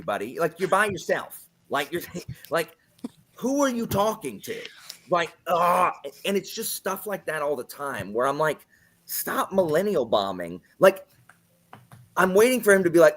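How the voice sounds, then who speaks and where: A man's voice: on the high side, very animated, measured pace, fairly bright tone. A man in casual book-club chat, ranting with sarcasm and putting on mock quotes. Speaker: book club podcast host.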